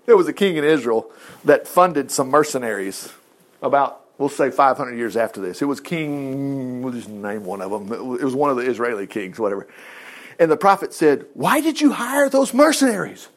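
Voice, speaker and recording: A man teaching a Bible passage in a casual, animated way, breaking into asides between verses. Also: medium pitch. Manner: animated, reads scripture with asides and quick voiced quotes.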